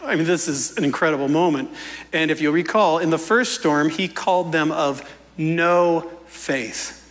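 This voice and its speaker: A man preaching a sermon in a playful, animated way, acting out the quoted lines as he goes. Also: fairly high pitch, normal speed, big-room sound. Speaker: pastor.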